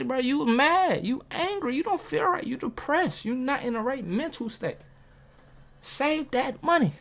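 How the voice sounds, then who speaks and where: A man giving a casual motivational talk to viewers. He uses street slang, asks them questions and gets hyped, with big jumps in pitch. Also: sharp tone. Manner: talks straight to viewers, asking questions. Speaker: motivational vlogger.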